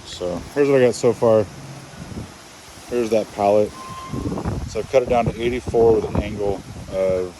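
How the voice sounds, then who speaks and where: A man's voice: fairly low pitch, normal speed, pauses often. A man casually talking through a woodworking project on his homestead, thinking aloud as he goes. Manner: easygoing, thinking aloud while working. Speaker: homestead vlogger. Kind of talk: casual vlog talk. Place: outdoors on a rural homestead. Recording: loud outdoor background noise.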